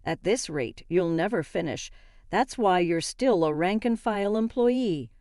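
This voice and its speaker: A woman's voice: fairly low pitch, expressive, measured pace, a little mellow, no room sound, clean studio sound. A woman voicing a smug, mocking female office assistant.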